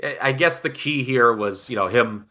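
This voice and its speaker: A man co-hosting a podcast who reviews wrestling in casual chat, blunt and animated, with frequent swearing. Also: medium pitch, moderate pace. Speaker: podcast co-host.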